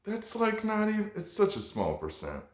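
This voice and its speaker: Profane rambling comedy host. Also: male voice, high voice, huge pitch swings, moderate pace, reverberant. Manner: profane, rambling, mock-preachy.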